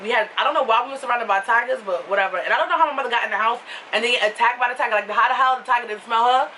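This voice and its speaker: A young woman vlogger with a New York accent, talking casually and animatedly as she tells a story. Her voice is bright and a little high. She sounds somewhat far from the mic, with faint noise behind her. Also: racing. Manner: animated, laughing, swings into high excited quoted voices.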